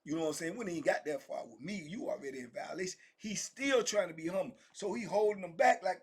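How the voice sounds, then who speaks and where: A man with a Southern US accent telling a prison story in a casual, animated way, acting out the men's voices. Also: moderate pace, breathy edge. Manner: acts out the men's voices, rising high and loud for quoted shouting. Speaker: storyteller sharing prison stories.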